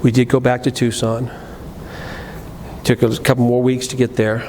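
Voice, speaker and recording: A middle-aged man preaching a sermon, telling a personal story, moving between loud emphatic lines and low quiet asides, with frequent restarts. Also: completely flat delivery, moderate pace. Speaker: pastor. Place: church sanctuary. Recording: live church recording with long reverb and faint room noise.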